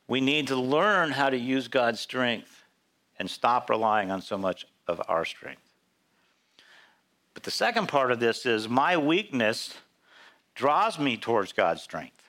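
A male pastor preaching a sermon in church, telling Bible stories in an animated way and acting out the characters' voices. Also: mid-range voice, slow.

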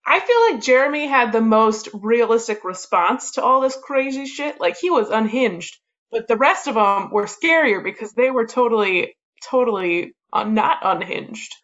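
A woman's voice: a little high, expressive, normal speed, few pauses, fairly bright tone, dull audio. A woman appearing as a guest on a podcast, chatting casually and wryly about a movie.

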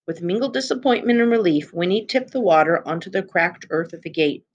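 A woman reading a children's novel aloud in a steady, expressive narration. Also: on the low side, a little fast, dull audio. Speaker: reader.

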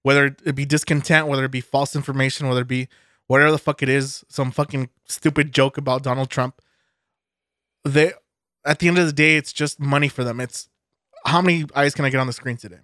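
A man's voice: mid-range voice, fairly even intonation, brisk, a bit bright, no echo, clean studio sound. A man co-hosting a podcast, ranting cynically in casual chat and swearing heavily. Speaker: podcast co-host. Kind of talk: casual profane rant.

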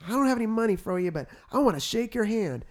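A man putting on a kindly country laborer, earnest and plain-spoken, with a touch of gravel. He talks slightly higher than usual, as a story retelling. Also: very animated, a little fast, exaggerated voice.

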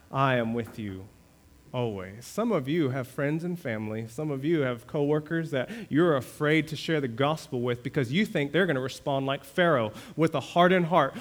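A male pastor preaching a sermon, asking the congregation questions and building to fervent high points. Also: moderate pace. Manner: preaching with rising fervor, rhetorical questions to the congregation.

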